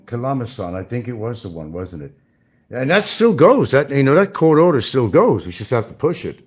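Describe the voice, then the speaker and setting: A man's voice: medium pitch, sing-song, a little fast, breathy edge. A man hosting a stream, giving casual, sarcastic commentary and taunting the person he talks about from an indoor room. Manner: sarcastic and taunting, addressing his target as "son". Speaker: stream host.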